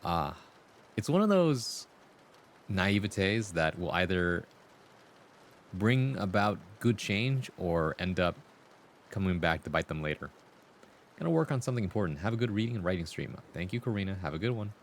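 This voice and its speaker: A man hosting a livestream talks casually to his chat, acting out quoted voices in his anecdotes. His voice is deep with lively intonation, at normal speed with frequent pauses and a little hiss or hum.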